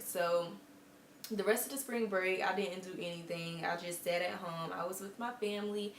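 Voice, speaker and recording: A woman in her twenties telling a personal story to camera in a chatty, earnest way. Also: fairly low pitch. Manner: chatty and earnest, with quoted asides. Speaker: vlogger. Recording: echoey room with faint background hum.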